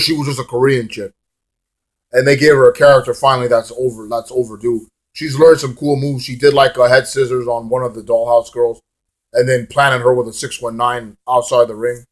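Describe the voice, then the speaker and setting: Man, casual vlog review, rambling, sarcastic, profane. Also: mid-range voice. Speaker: wrestling show reviewer.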